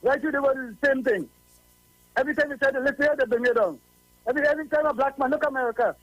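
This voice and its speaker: Trinidadian man caller, very high voice, preachy and repetitive, dull lo-fi line. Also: racing, a bit bright, no room sound, faint music behind. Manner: preachy, repeats himself for emphasis. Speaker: radio caller. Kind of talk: call-in radio talk.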